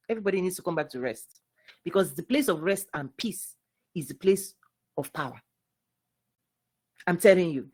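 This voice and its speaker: A woman giving a spiritual teaching talk, preaching with animation, repeating words and swinging between loud and soft. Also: on the low side, expressive, moderate pace, pauses often, slightly rough.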